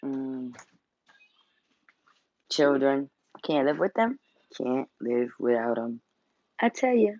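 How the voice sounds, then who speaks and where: A woman's voice: very deep voice, sing-song, slow pace, pauses often, warm tone, muffled recording. A woman hosting a casual livestream from home, blunt and teasing, swearing freely as she talks. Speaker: tarot reader and channel host.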